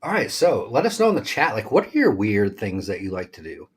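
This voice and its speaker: A man's voice: on the low side, huge pitch swings, brisk, slightly rough. A man co-hosting a casual livestream, joking and rambling as he reads comments from the chat. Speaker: livestream co-host. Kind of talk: casual live-stream chat.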